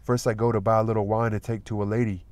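A man's voice: fairly low pitch, level tone, fast talker, darkish tone, dry recording, natural voice. A man reading aloud, voicing a boastful young man who speaks gallantly and at times tartly. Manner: gallant, sometimes tart.

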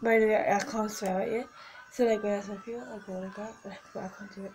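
A woman's voice: medium pitch, steady tone, quick pace, music in the background, poor audio. A teenage girl vlogging casually, chatty and gushing as she talks through photos on her phone. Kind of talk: casual vlog chat.

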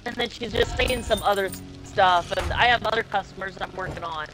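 A woman's voice: medium pitch, a little fast, music in the background, rough recording. A young woman streaming a game, telling a story in a chatty, filler-heavy way. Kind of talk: casual chat while gaming.

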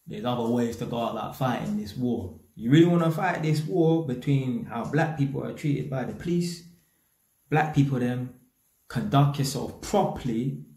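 A man's voice: medium pitch, warm tone, echoey room. A man with a London accent giving a blunt, slang-heavy opinion rant straight to his audience, swearing freely. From England. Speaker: YouTube commentator.

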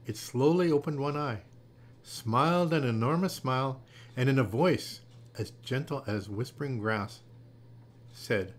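A man gently and expressively reading a children's picture book aloud. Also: mid-range voice, a little slow, a little hiss or hum. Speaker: storyteller.

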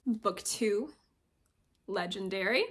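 A woman's voice: medium pitch, lively intonation, slow pace, fairly bright tone. A young woman in a casual book haul vlog, chatty and gushing as she shows off her new books. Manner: gushing, chatty, reads blurbs aloud. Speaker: booktuber.

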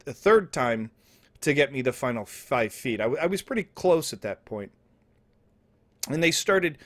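A young man telling an absurd story in deadpan, rambling comedy style, with restarts and asides, sometimes dropping to mumbles and sometimes rising to loud outbursts. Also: a little high. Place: indoor home setup, streaming.

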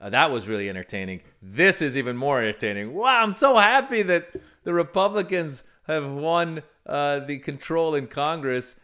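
A man hosting comic political commentary, talking in an animated, sarcastic way with big swings in pitch. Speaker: comedian commentary host.

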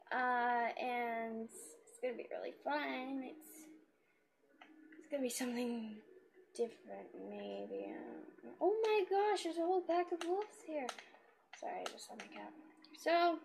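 Quiet high-voiced woman gaming. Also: slight background noise. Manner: quiet, hesitant, many ums. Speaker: gamer. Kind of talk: casual let's-play commentary.

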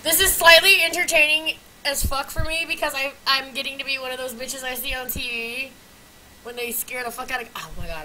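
Chatting off the cuff in a home vlog, this young woman swears heavily and swings from shouted exclamations to quiet, muttered humming. She speaks a little fast in a high-pitched voice, and there's background noise.

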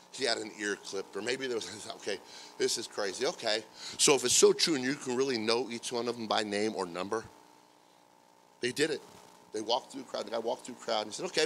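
Gravelly american pastor guy preaching, bright tone, goes from mumbly stammering stories to full-on shouting. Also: mid-range voice, slight background noise, poor audio. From United States. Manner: dramatic swings from hushed asides to shouted praise; stammering restarts when storytelling. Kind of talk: sermon. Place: church sanctuary.

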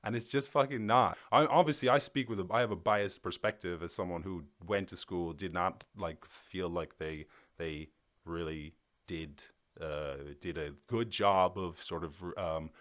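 A man's voice: deep voice, fairly bright tone. A man hosting a podcast, ranting casually with constant swearing and rambling restarts. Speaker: podcast host.

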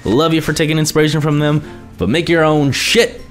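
A man's voice: fairly high pitch, fairly even intonation, a little fast, faint music behind. A young man vlogging, ranting in a casual, profane way with exasperated asides. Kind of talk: ranting vlog monologue.

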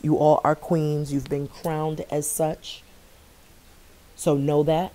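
A woman's voice: low voice, mellow. A middle-aged woman giving a spiritual tarot reading, earnest and affirming, often repeating phrases for emphasis. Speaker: tarot reader.

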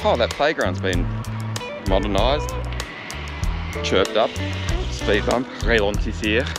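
A man's voice: lowish voice, takes it slowly. An Australian man vlogging his bike ride outdoors, with jokey, upbeat commentary to the camera full of local slang. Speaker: cycling vlogger. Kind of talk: chatty running commentary while riding. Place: outdoors on a bike ride through a national park. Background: background music.

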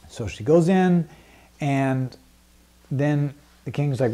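Guy teaching a bible class, laid back, lots of ums, keeps asking the group stuff, mellow mid voice. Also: medium pitch, expressive, slow pace, long pauses. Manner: conversational, many fillers, asks the group questions. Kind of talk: casual teaching talk.

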